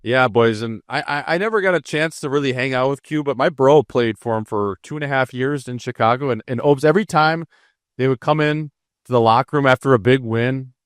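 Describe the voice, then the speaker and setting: A man's voice: mid-range voice, a little fast, clear, resonant tone, no echo, clean studio sound. A man co-hosting a casual hockey podcast, telling locker-room stories in an easygoing way.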